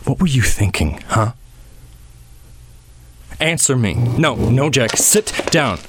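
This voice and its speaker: A man's voice: medium pitch, very animated, slow, noisy background. An actor playing an exasperated father who scolds his defiant young son and raises his voice at him. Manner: scolding, rising to shouting. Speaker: father in a played scene.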